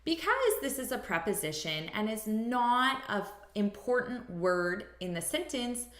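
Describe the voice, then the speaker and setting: Slow, lively woman teaching pronunciation. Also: on the high side, echoey room. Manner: slow, deliberate, modelling phrases for repetition. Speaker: English teacher. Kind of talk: explaining pronunciation to learners.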